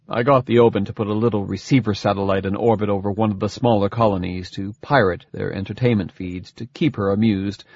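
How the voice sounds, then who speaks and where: A man voicing a gentle scientist father who explains things calmly and quickly. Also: on the low side, no room sound, lo-fi sound.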